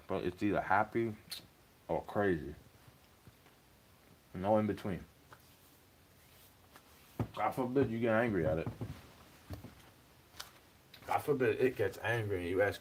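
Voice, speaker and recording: Young guy ranting and cussing at his stream chat, lowish voice, bit of hiss behind. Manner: agitated, swearing, rambling rant. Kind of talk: ranting monologue to a livestream chat.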